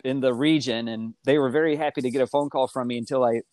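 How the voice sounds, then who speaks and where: A middle-aged man telling his life story in casual conversation, animated and acting out the voices he quotes. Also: fast, no echo. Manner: animated, acts out quoted voices with big pitch jumps.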